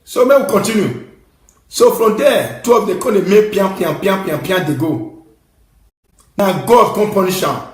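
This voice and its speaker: A Nigerian man giving impassioned, scolding commentary, bursting into shouts and preaching at his listeners. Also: high-pitched, normal speed, long pauses, roomy sound, poor audio. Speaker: online commentator.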